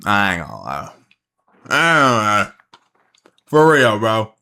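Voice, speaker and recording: A man's voice: on the low side, wildly swooping pitch, takes it slowly, vocal fry, pushed and bright, clean tone. A man streaming a casual reaction, talking bluntly and jokingly with slang and swearing.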